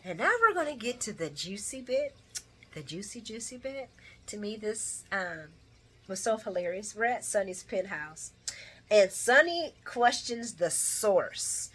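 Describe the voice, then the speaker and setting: A woman hosting a casual, chatty recap, animated and slangy, who laughs and acts out lines. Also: mid-range voice, unhurried, slight background noise. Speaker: channel host. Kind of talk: casual soap opera recap.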